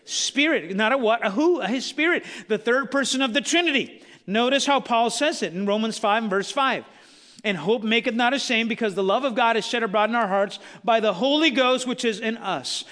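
Male pastor, fervent sermon, sharp tense voice, echoing sanctuary reverb. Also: very high voice, fairly quick. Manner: fervent preaching, swings from quiet asides to shouted emphasis; frequent "watch this" and "the Bible says" refrains.

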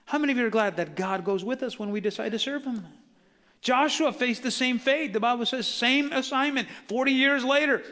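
A man preaching a sermon as a pastor, conversational and animated, acting out Bible characters with casual asides. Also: very high voice, normal speed.

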